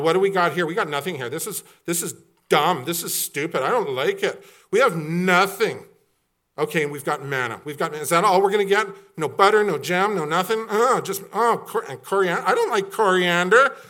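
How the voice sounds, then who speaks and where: A man's voice: sits high, bright, forceful tone, pitched above the performer's own voice. A man voicing a petulant grumbling wanderer who whines and fusses in complaints, within a sermon. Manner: whining, petulant, fussy complaints. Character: whiny grumbling ancient wanderer, male adult, petulant.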